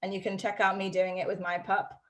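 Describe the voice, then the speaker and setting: A woman's voice: mid-range voice, little pitch movement, a little fast, fairly bright tone. A woman dog trainer teaching a live online class over a video call from her home study, upbeat and chatty with frequent ums.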